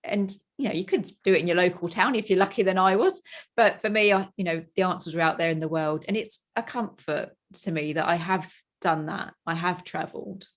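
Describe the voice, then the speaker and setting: A woman's voice: fairly low pitch, fairly quick. A woman from the UK, a podcast guest, talking in a chatty, upbeat way with frequent laughter. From United Kingdom. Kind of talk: casual chat.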